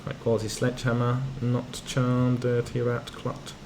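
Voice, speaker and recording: In a completely flat delivery at normal speed and medium pitch, a man reads his game's text aloud and mutters asides. It's casual let's-play commentary from a streamer, with game music and a noisy background.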